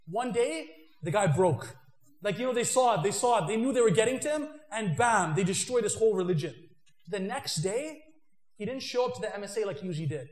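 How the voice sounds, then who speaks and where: Fast-talking man lecturing in an echoey hall. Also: sits high. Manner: animated storyteller, acts out dialogue. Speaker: workshop speaker. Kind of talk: lecture with anecdotes.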